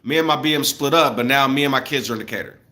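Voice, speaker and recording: A man in his thirties, speaking rapid-fire in a mid-range voice, tells stories from home on a casual livestream. He's animated, loose and profane, talking straight to his viewers.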